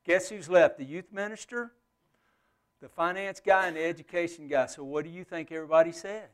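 Earnest higher-voiced male preacher. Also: brisk, smooth. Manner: earnest, swings from loud emphasis to hushed near-whisper. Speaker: pastor and missionary. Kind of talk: sermon.

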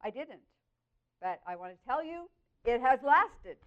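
A woman's voice: high voice, a little slow. Earnest woman telling her testimony. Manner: earnest and expressive, with lively vocal swings. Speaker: speaker sharing her Christian testimony. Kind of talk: personal testimony storytelling. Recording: dull, lo-fi audio.

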